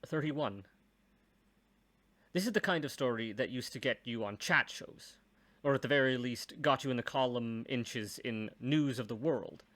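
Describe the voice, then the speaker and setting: A man's voice: mid-range voice, moderate pace, fairly bright tone. A man reading a first-person story aloud, with dry, wry asides.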